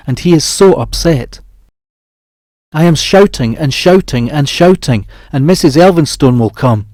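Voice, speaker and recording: Man, audiobook horror narrator, expressive, mellow dark timbre, dry recording. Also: medium pitch, no echo. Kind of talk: dramatic audiobook reading of a horror story.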